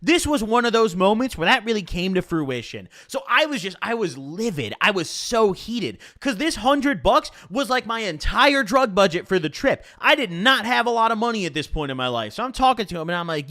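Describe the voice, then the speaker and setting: Animated high-voiced man telling a story. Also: moderate pace, few pauses. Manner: profane, animated, slangy storytelling. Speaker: streamer telling a personal story. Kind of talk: casual storytime monologue.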